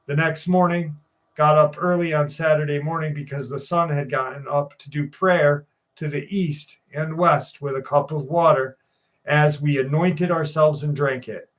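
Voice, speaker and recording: A man's voice: a little high, fairly even intonation, normal speed. A man hosting a live stream, chatting casually and reading viewer comments in a loose, jokey way with plenty of swearing.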